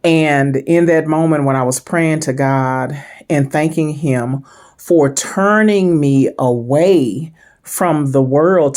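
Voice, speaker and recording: Slow, reflective woman sharing her faith. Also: low voice, darkish tone. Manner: slow, thoughtful, hesitant with frequent pauses and restarts. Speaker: devotional vlogger. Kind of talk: personal devotional reflection.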